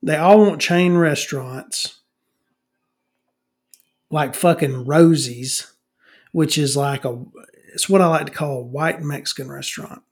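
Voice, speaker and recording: Middle-aged man, slightly high voice, foul-mouthed rambling rant, comedy podcast. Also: a little slow, pauses often, slightly rough. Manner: profane, ranting, swears constantly; rambling, with many restarts.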